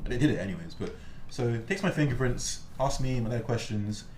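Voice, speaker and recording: A man's voice: medium pitch, fairly quick. A young man hosting, casually telling stories and acting out the people in them. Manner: animated storyteller, acts out voices. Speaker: host. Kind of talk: casual chat. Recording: echoey room, faint background noise.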